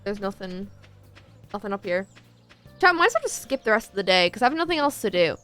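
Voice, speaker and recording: A woman's voice: mid-range voice, sing-song, fast talker, fairly bright tone, smooth, faint music behind. A woman chatting casually with her viewers while she plays a farming game, rambling and talking to chat as she goes. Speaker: streamer.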